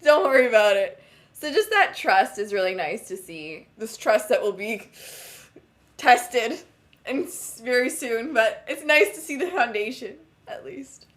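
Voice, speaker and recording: A woman's voice: on the high side, sing-song, unhurried, a bit bright. A woman co-hosting a fan podcast in casual chat, enthusiastic and giggly, quoting characters. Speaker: podcast co-host.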